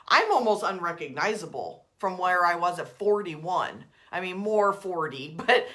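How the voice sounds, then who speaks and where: A woman in her forties, a coach leading a live book club talk in an energetic, casual way, swearing and trailing off mid-sentence. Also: on the low side, a little slow, hardly any pauses. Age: 40s. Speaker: life coach.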